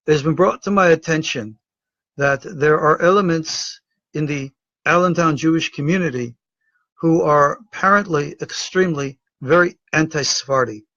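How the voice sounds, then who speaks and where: A middle-aged American man, a rabbi and Torah teacher, giving an emotional, indignant video address full of halting repetitions. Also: on the high side, bright, forceful tone, dry recording, dull audio. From United States.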